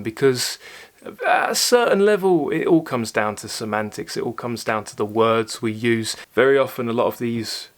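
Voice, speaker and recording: Young male host, mid-pitched, earnest and reflective, unscripted solo talk with fillers. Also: a bit bright. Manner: thoughtful, earnest, with fillers and restarts. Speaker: channel host answering viewer questions. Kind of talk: casual solo talk to camera.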